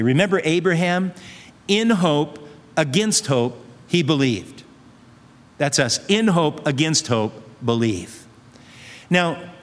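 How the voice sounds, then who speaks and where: A male pastor preaching a sermon, urging his listeners with repeated phrases and rhetorical questions. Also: fairly high pitch. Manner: earnest, repetitive exhortation with rhetorical questions. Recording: long reverb of a large hall.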